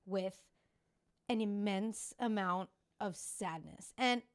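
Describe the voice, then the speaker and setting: A woman's voice: mid-range voice, takes it slowly. A woman in her thirties hosting a podcast, talking casually, candid and confiding, with the odd swear word. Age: 30s. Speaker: podcast host. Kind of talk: casual chat.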